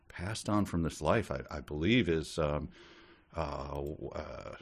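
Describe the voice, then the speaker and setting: A man's voice: rumbling low, slow pace, a little mellow. A man co-hosting a podcast, reading book passages and adding wry comments. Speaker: podcast co-host. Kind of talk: casual chat, reading a book aloud.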